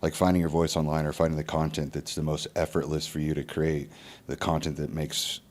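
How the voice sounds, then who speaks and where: A man's voice: very deep voice, little pitch movement, fairly quick, darkish tone. A man in his thirties talking casually as a podcast guest, loose and rambling, with many restarts and some swearing. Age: 30s.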